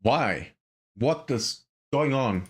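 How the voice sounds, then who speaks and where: A man's voice: mid-range voice, expressive, drawn-out words, husky. A man streaming a video game in casual chat, muttering to himself and swearing a lot. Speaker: gaming streamer.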